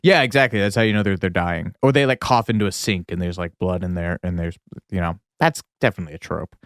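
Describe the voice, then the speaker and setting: A man's voice: deep voice, quick pace, dry recording, studio quality. A man co-hosting a podcast, joking and bluntly giving his opinions in casual chat. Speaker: podcast co-host.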